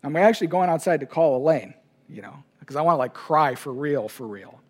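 A man's voice: fairly high pitch, animated, brisk, breathy edge. A man preaching a sermon as pastor, telling a personal story with emotion. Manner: personal, emotional anecdote told to a congregation.

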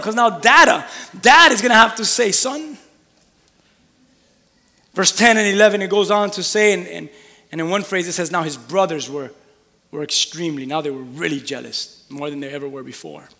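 Brief: male preacher, animated storytelling, high voice, long hall reverb. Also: fast, creaky. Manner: animated storytelling, acting out the scenes. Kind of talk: sermon.

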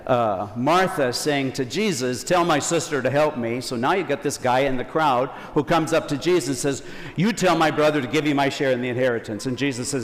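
A man's voice: mid-range voice, brisk, in a large hall. A man preaching a Sunday homily as a priest in a conversational, folksy way, acting out quotes.

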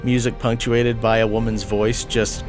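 A man's voice: lowish voice, level tone, normal speed, over music. Man breaking down a film in detail. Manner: enthusiastic, detailed, builds long points. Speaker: podcast co-host. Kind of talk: analytical film discussion.

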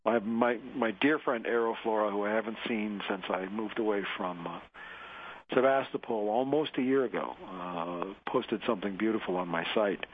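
A man's voice: on the low side, normal speed. An earnest male radio host talks and reads news pieces aloud on air, often catching on fillers and restarting phrases. His voice comes through a narrow, tinny band as if from a phone line. A faint hiss sits under everything. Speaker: radio talk show host. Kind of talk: live radio commentary, reading articles aloud.

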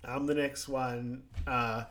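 A man with a mid-range voice walks through a film's plot for a podcast at an easy pace. He fills the gaps with "um" and "yeah" and readily agrees with his co-host. Now and then he slips into a brief, higher quoted line. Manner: relaxed, full of fillers, quick agreeing "yeah"s. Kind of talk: casual movie recap chat.

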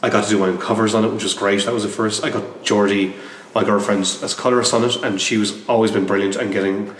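A man's voice: fairly low pitch, flat delivery, fast. A man, a comic book artist, talking casually in an interview, hesitant and full of restarts and fillers. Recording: roomy echo, distant mic, faint noise.

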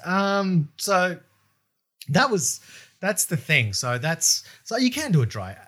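A man's voice: high-pitched, very animated, slow pace, sharp tone. A man co-hosting a casual chat as a stand-up comedian, rambling, laughing often and swearing casually. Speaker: podcast co-host, stand-up comedian.

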